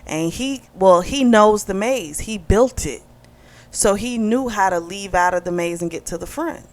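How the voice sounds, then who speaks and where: A woman giving a casual book review, retelling the plot in an animated way and acting out the dialogue. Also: medium pitch, unhurried.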